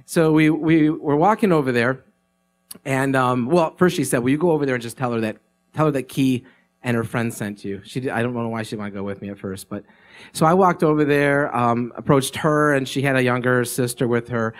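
A man telling a story at a live gathering. He speaks into a microphone in a relaxed, conversational way, with many fillers and restarts. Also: medium pitch, fairly quick. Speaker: speaker sharing a testimony. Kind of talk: casual spoken storytelling.

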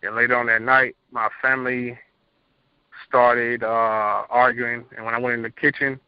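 A man's voice: medium pitch, flat delivery, moderate pace, smooth, dry recording. Earnest young man calling in. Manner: earnest, plain, rambling testimony. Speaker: caller. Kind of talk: telling his story on a call-in show. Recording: muffled phone-line audio.

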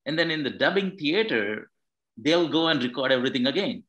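A man's voice: a little high, lively intonation, a little fast, fairly bright tone, muffled recording. A man, a film director giving a thoughtful interview answer and restarting his phrases as he explains. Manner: thoughtful, repeats words and restarts while explaining.

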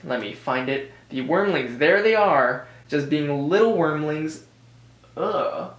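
A man's voice: a little high, expressive, slow, fairly bright tone. An American man giving a casual review commentary, rambling with joking asides and frequent self-corrections. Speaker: board game reviewer. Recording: roomy echo.

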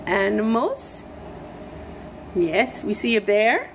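A woman's voice: mid-range voice, big pitch swings, slow, slight background noise. A young woman reading a picture book aloud to a baby in gushing, sing-song baby talk, full of exaggerated wonder.

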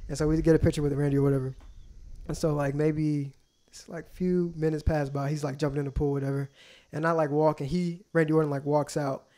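A young man, a podcast guest, telling stories in an animated, excitable way during casual chat. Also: fairly high pitch. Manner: animated storyteller, quick and excitable. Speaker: guest, aspiring wrestler.

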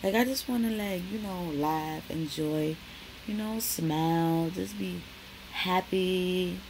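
A young woman talks straight to her viewers in a loose, chatty way, full of "like" and "y'all". Her voice sits a little low, and a faint room hum runs underneath. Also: takes it slowly. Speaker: vlogger. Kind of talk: casual chat to camera.

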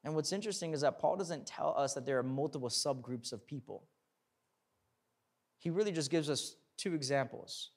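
A man's voice: mid-range voice, vocal fry, darkish tone. A young man, a pastor, telling a personal story in a sermon, acting out the dialogue and then preaching earnestly.

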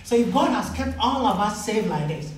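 A preacher in a very echoey church. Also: male voice, expressive, moderate pace, recorded from a distance, slight background noise. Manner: storytelling, acts out dialogue with rising pitch. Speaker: pastor. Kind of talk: sermon. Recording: echoey church hall, mic from afar.

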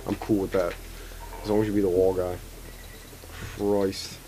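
A man co-hosting a video game playthrough in casual banter, goofy and jokey, often breaking into high silly voices. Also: little pitch movement, normal speed, dark tone, slight background noise, low-quality recording. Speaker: let's play co-host.

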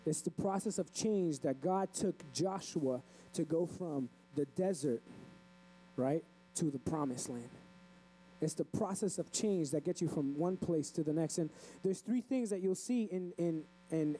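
Warm high-voiced man preaching. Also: unhurried, slight background noise, rough recording. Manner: conversational, repeats and restarts words. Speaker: pastor. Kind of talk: sermon. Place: church.

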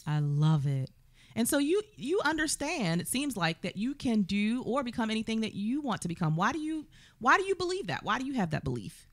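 A woman's voice: a little high, very animated, fairly quick, no room sound. Upbeat woman talk show host. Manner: upbeat, playful, laughs easily. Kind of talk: casual interview chat.

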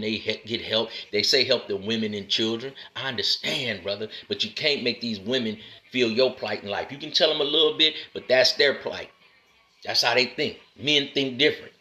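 A man giving a preachy monologue to other men. He talks in a street style, keeps calling the listener "man" and "brother," and moves between loud, punchy lines and low, drawn-out asides. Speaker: motivational speaker addressing men. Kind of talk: preachy direct-to-camera monologue.

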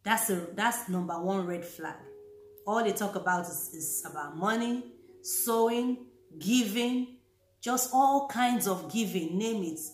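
A woman's voice: mid-range voice, a little slow, echoey room, soft background music. A woman talking casually and earnestly to fellow Christians, repeating her key points as she warns them. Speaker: Christian vlogger. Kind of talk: casual talk to camera.

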